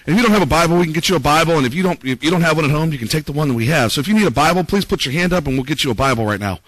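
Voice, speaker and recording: A man delivers a sermon in a relaxed, conversational way, reading passages aloud and asking listeners what breaks their heart. His voice sits high and sounds bright and forward, recorded dry and close with almost no reverb. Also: rapid-fire. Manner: conversational preaching, reads scripture aloud, rhetorical questions. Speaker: pastor.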